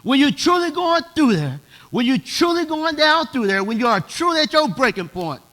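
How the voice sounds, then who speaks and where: High, bright-voiced preaching pastor. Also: male voice, sing-song, normal speed. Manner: preaching in a dialect, swelling to shouts. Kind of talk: sermon.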